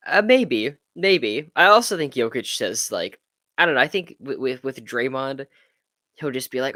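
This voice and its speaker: A man co-hosting a podcast, chatting casually about sports and acting out quotes in an animated way. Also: mid-range voice, normal speed, no room sound, studio quality. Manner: animated, acts out quotes with swearing. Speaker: podcast co-host. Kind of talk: casual sports debate chat.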